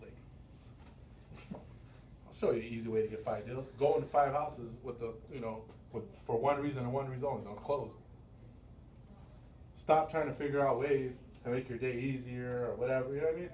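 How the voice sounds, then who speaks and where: A man's voice: medium pitch, normal speed, a little hiss or hum. A middle-aged man, a sales manager, telling loose, profane stories at a team meeting, acting out quotes and laughing often. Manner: animated storytelling, acting out quotes. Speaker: sales manager and business owner. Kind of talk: motivational team meeting talk. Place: meeting room. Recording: roomy, from far off the mic.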